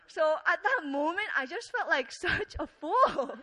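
A woman preacher giving an earnest, conversational sermon, telling the story with many fillers and wide swings between loud and soft. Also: very high-pitched, sing-song, unhurried, slight background noise, rough recording.

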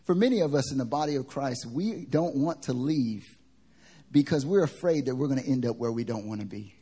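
A male pastor from the American South, preaching a sermon through funny personal stories, animated and joking. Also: medium pitch, a little fast, breathy edge. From Southern United States. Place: church service.

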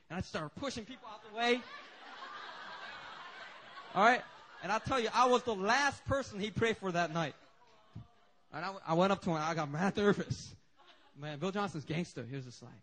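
A man preaching at a church service, his voice sitting fairly high. He tells stories with lively humor and an easygoing, animated delivery. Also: brisk, long pauses. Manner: animated, joking storytelling. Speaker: pastor. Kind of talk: sermon.

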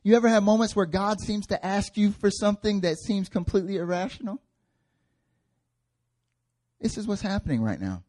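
A man preaching a sermon in a slightly higher-than-average voice. He talks casually and acts out the people in the story, and he often builds to loud, passionate peaks. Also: lively intonation, normal speed, pauses often. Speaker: pastor.

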